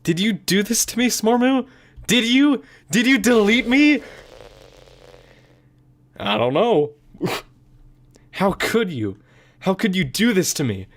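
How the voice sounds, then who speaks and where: A man reading aloud the lines of a sweet, possessive young female club president, gentle and self-conscious, later pleading. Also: high voice, big pitch swings, slow pace, pauses often, full character voice. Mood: anguished. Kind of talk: reading game dialogue aloud.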